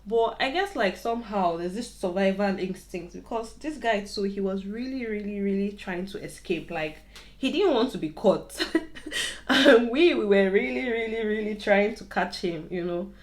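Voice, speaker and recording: A woman's voice: mid-range voice, normal speed. Chatty woman telling a story. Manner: chatty, repeats words for emphasis, laughs often. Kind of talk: casual storytime while styling hair.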